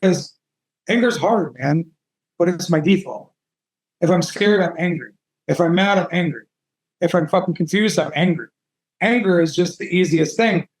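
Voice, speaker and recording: A man in his thirties tells a story in a high, light voice. He swears often and mocks himself as he goes. The telling is loose and candid, like an interview. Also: moderate pace, long pauses, rough recording. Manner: profane, animated, self-mocking storytelling. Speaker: tattoo artist guest.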